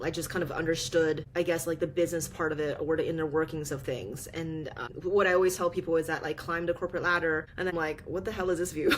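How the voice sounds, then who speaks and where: A woman in her thirties, from China, telling her own story as a podcast guest in lively, expressive chat, with frequent laughs and sudden jumps up in pitch. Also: a little hiss or hum. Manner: animated storytelling, laughs often, voice jumps up when excited. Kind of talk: casual interview chat.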